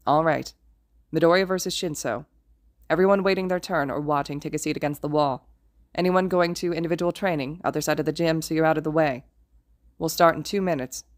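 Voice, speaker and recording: A woman's voice: deep voice, a little fast, dry recording, studio quality, lightly acted. A woman voicing a tired male teacher who gives blunt, matter-of-fact instructions. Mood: brisk.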